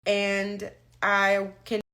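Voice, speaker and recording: A woman's voice: medium pitch, monotone, extremely slow, fairly bright tone. A woman talking candidly on a live stream, frank and emotional, holding back tears. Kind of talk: casual live-stream talk. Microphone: phone or webcam on a live stream.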